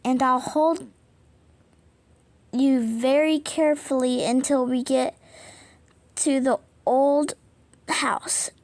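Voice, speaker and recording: A woman's voice: high voice, fairly even intonation, slow pace, long pauses, darkish tone. A woman reading the lines of a kind, cheerful girl rag doll in a storybook, in a plain reading voice.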